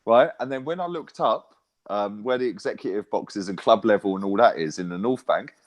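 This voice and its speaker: A man telling animated, swear-filled football stories in a casual chat, tagging lines with "right?" and "mate". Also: fairly low pitch, a little fast. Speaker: co-host, football fan pundit.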